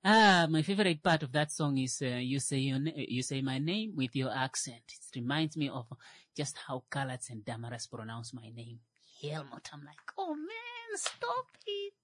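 A man's voice: medium pitch, normal speed, fairly bright tone, no room sound. A man hosting a music show, chatting casually between songs in a rambling, jokey way and often correcting himself. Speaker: radio show host playing songs.

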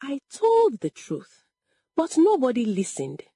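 A woman's voice: high voice, wildly swooping pitch, takes it slowly, dark tone, husky, no echo, clean studio sound, voice pushed up, heavily acted. A woman voicing a wronged young daughter who pleads in a trembling voice in a story. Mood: resolute.

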